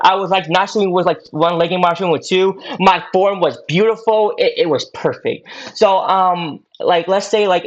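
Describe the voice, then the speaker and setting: Rambling young man, dull lo-fi sound. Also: a little high. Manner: rambling, repeats himself, many fillers. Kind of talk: casual storytelling. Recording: dull lo-fi audio.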